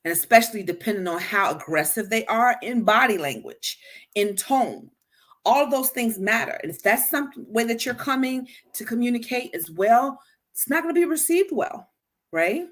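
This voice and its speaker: Animated woman giving relationship advice. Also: a little high, normal speed. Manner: animated, repeats words and restarts often; addresses listeners directly. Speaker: podcast host. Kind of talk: casual advice talk.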